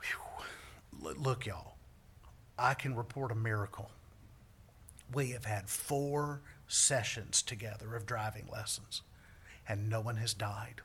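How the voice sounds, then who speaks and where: A man's voice: fairly low pitch, steady tone, slow, pauses often, a bit bright, a little hiss or hum. A man preaching a sermon as a priest, joking with the congregation between points. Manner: joking, self-deprecating asides to the congregation.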